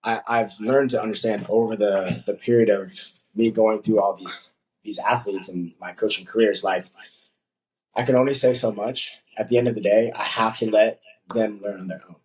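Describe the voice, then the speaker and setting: Husky young man, animated coach talk. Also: fairly low pitch, normal speed, rough recording. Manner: animated storytelling, acts out quotes. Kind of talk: casual podcast chat.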